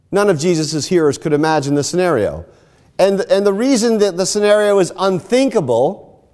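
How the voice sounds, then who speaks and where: Lively expository male preacher. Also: sits high. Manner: expository, explains scripture step by step. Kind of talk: sermon.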